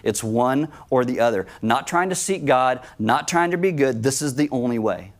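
A man's voice: mid-range voice, lively intonation, moderate pace. A man preaching a sermon as pastor, emphatic, and he acts out the voices of people he quotes. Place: church.

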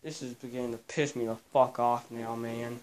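A man's voice: medium pitch, little pitch movement, normal speed, slight background noise. A young man grumbling and swearing through a casual vlog while he cleans a cluttered bedroom. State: out of breath. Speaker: vlogger.

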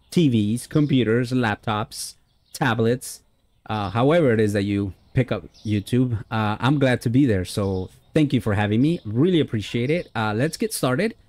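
Chatting with his viewers over a simulation game, this YouTuber keeps his let's-play commentary friendly and relaxed, sprinkled with frequent "uh"s. He has a mid-range, darkish voice in a dry recording.

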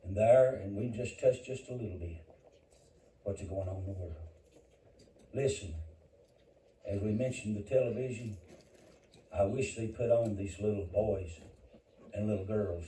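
Older preacher, fervent folksy delivery, heard from across an echoey church with background noise. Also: male voice, fairly low pitch, measured pace, pauses often, distant mic. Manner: fervent, folksy preaching that swings from loud to hushed. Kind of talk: impassioned sermon.

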